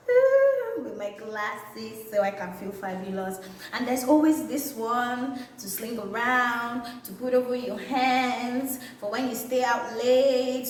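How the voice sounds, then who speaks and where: A young woman with a Nigerian accent, chatting playfully and excitedly in a casual vlog. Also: on the high side, a little hiss or hum. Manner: playful and excitable, drawn-out catchphrases. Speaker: vlogger. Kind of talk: casual vlog showing items to camera. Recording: very echoey room, slightly distant mic.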